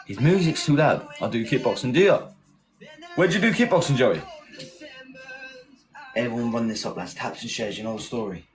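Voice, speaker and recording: A man's voice: medium pitch, animated, moderate pace, pauses often, low-quality recording. A man from England hosting a casual live stream, chatting, thanking viewers and rallying his team. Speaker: livestream host. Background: loud music.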